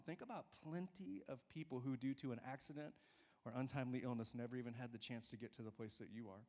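A man in his forties preaching a sermon in a church, energetic and coaxing, often urging listeners with "come on.". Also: a little high. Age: 40s. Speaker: pastor. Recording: church hall reverb.

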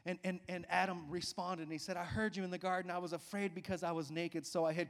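A man's voice: high-pitched, little pitch movement, fast talker, few pauses, big-room sound. A male pastor preaching a sermon with emphatic call-outs to the congregation.

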